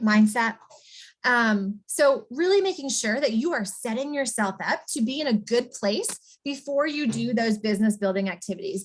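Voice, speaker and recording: A woman coaching business owners in a casual, energetic motivational talk, chatty and emphatic. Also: a little high. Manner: energetic, chatty, often asks "right?".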